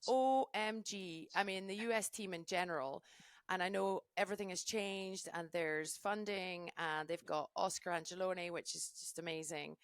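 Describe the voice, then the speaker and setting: Gushing woman with a gravelly voice. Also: fairly low pitch, moderate pace, no room sound. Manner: gushing, animated storyteller with many restarts. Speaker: skimo race commentator, guest. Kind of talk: casual podcast chat.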